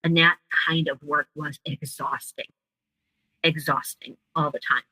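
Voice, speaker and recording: A low-pitched, husky woman speaks at a measured pace with a steady, bright, forceful tone. The recording is dry and of low quality. She is an interview guest telling her own story, emotional and vivid, dramatizing the quoted speech of others.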